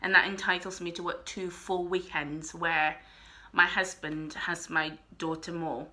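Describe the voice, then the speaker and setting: A woman's voice: fairly low pitch, flat delivery, a little slow, sharp tone. A young woman vlogger talking casually to camera, earnest and a little rambling.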